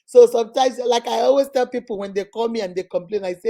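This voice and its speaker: A woman's voice: a little high, fairly quick, creaky, hardly any pauses, mellow. A middle-aged Nigerian woman hosting a casual vlog, telling stories with laughter and rhetorical questions. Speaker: host.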